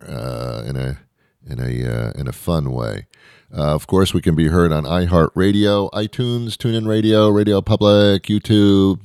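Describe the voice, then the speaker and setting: Male podcast host, middle-aged, extremely deep voice, meandering self-deprecating patter, dry booth sound. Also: a little mellow, dry recording. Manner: meandering, self-deprecating, lots of fillers and restarts. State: out of breath. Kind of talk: rambling comedic monologue.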